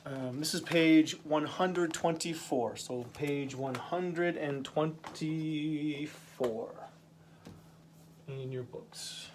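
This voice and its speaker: Slow, patient teacher man, slightly high voice. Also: noisy background. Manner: slow, patient, repeats words for learners. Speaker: English language teacher. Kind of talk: classroom vocabulary lesson.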